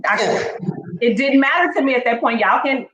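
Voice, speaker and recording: A woman's voice: sits high, lively intonation, moderate pace, fairly bright tone. A woman teacher, a guest, telling her story in a chatty, heartfelt way and calling the listener "girl" again and again. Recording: echoey room, dull lo-fi sound.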